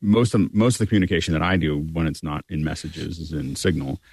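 Man, very low voice, husky, fast, rambling with restarts, casual discussion, dry close sound. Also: darkish tone, no room sound. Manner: rambling, many restarts, emphatic.

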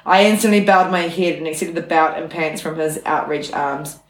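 Woman reading a memoir out loud on a podcast, lowish voice, steady reading with chatty bits thrown in, echoey room. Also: moderate pace. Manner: steady reading voice broken by chatty laughing asides. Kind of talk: reading aloud with casual asides.

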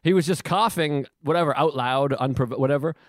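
A man's voice: a little high, fairly quick, no room sound, studio quality. A man chatting casually from home, rambling and jokey, often restarting his sentences. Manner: rambling, self-interrupting, jokey. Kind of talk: casual chat. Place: home in Queens.

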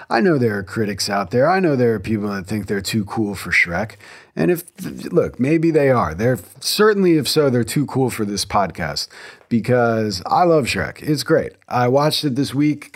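A man in his thirties hosting a casual solo podcast from a home garage, enthusiastic and rambling, often restarting his sentences. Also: medium pitch. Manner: enthusiastic, rambling, self-correcting. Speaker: podcast host.

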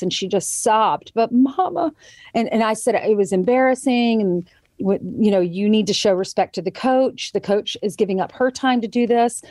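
Woman guest, mid-pitched, earnest storyteller, casual podcast talk, dry close mic. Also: dark tone, no echo. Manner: earnest storytelling, quoting others in changed voices. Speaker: guest, author and TV co-host. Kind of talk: casual conversation.

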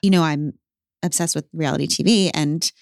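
Woman with a lowish voice chatting, thoughtful and teasing, dry mic. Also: fairly even intonation, normal speed, vocal fry, smooth, dry recording. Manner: earnest, reflective, teasing. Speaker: co-host. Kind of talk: casual chat.

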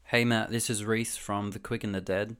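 A man's voice: lowish voice, little pitch movement, moderate pace, over music. An Australian man from a band leaving a plain, polite recorded question for a podcast host. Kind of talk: recorded voice message.

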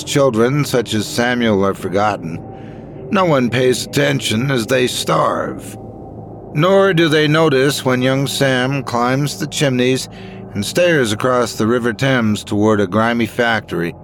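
A man reads a dark story aloud in a measured, dramatic way, with his voice sinking low at the grim lines. His voice sits at a middle pitch, and faint music plays underneath. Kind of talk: scripted horror story narration.

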